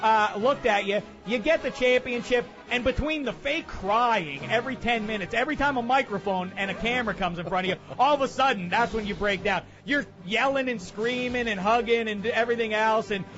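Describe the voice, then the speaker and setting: A man's voice: very high-pitched, fairly quick, few pauses, fairly bright tone, highs cut off, soft background music. A man hosting a comedic sports radio segment, ranting sarcastically and with heavy emphasis. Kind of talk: comedic sports commentary rant.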